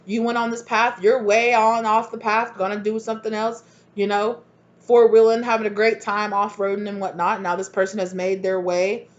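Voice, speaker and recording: A woman giving a casual tarot reading, animated and blunt, who swears freely and acts out both sides of an argument in sudden high voices. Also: a little fast, few pauses. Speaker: tarot reader. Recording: dull lo-fi recording.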